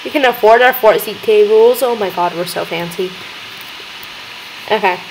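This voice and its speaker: A young woman hosting a gaming video, chattering excitedly as she plays and talking to the characters on screen. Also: mid-range voice, moderate pace, background noise. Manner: excitable, gasping, talks to game characters. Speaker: gaming channel host. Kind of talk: let's-play commentary.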